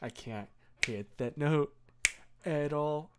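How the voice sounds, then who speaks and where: Unhurried, rambling live streamer. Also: medium pitch, lively intonation, heavy background noise. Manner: rambling and nostalgic, many fillers and restarts. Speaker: live streamer reading chat. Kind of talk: casual live-stream chat.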